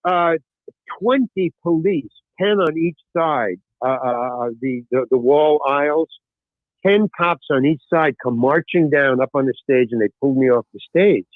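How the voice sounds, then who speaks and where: An older man telling stories as a podcast guest in casual chat, animated and restarting his sentences often. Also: on the high side, measured pace, dry recording. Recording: tinny phone-like dry sound.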